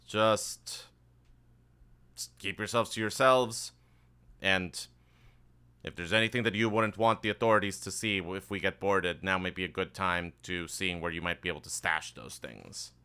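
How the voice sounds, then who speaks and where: A man voicing a gruff, cursing sea captain with a deep, bright voice. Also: unhurried, pauses often, exaggerated voice. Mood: wary. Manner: grumbling, profane, worried.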